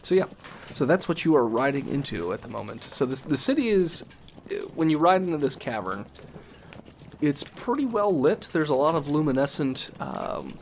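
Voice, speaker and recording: Gravelly man running a tabletop game. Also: medium pitch, slight background noise. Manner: relaxed, matter-of-fact with fillers. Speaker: game master.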